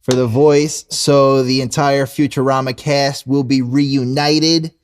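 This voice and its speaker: A man's voice: medium pitch, flat delivery, takes it slowly, a little hiss or hum. Laid-back, crude male podcast co-host. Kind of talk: casual chat.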